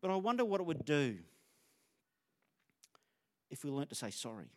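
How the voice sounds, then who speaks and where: High-voiced Australian man preaching. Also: very animated, normal speed. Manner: conversational, storytelling, self-disclosing. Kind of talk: sermon.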